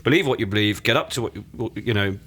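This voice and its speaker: Quick-talking man weighing his words. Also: lowish voice, lively intonation, a bit bright, slightly rough. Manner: fast, thoughtful, hedging. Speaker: rugby commentator and journalist. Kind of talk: casual chat.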